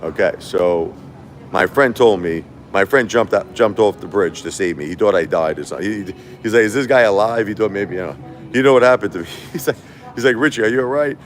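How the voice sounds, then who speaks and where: Casual live-stream storytelling from a middle-aged man with a fairly low pitch, who rambles, repeats himself, and laughs frequently. A little hiss or hum can be heard.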